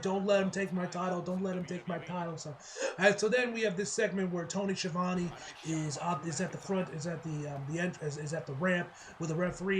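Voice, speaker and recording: Excitable high-voiced man reviewing wrestling. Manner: excitable, rambling, lots of fillers and laughter. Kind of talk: casual solo review.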